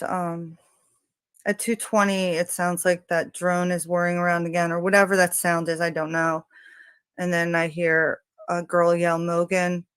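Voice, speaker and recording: A woman hosting a true crime channel, describing audio clips in a hesitant way with many pauses and fillers. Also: on the low side, clear, resonant tone, no room sound. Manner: hesitant, many ums, slow and even.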